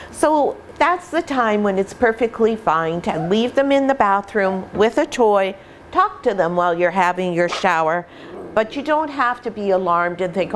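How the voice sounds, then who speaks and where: A middle-aged woman who breeds puppies, explaining patiently and warmly in an instructional vlog at home, sometimes slipping into playful voices. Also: medium pitch, slight background noise. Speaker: puppy breeder.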